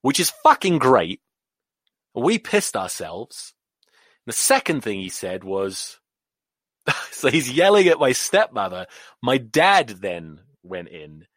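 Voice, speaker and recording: An English man in his thirties hosting a podcast, ranting casually about rugby in an animated, sweary way that keeps wandering off on tangents. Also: mid-range voice, slow pace, dry recording, studio quality. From England. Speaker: podcast host.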